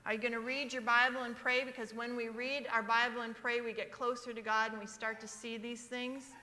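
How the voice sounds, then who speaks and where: Older lady preaching, punchy and bright, keeps asking the room questions, a bit higher voice. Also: flat delivery, fairly quick. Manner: emphatic, asks the congregation questions. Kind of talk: sermon. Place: church sanctuary. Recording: reverberant church livestream.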